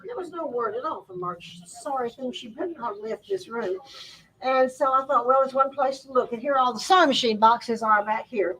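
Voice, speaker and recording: Woman, storyteller, high and bright, mic a bit far off. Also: brisk. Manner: Southern-style folksy talk, laughing through her story. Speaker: sewing teacher and storyteller at a store event. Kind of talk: animated storytelling to a live audience.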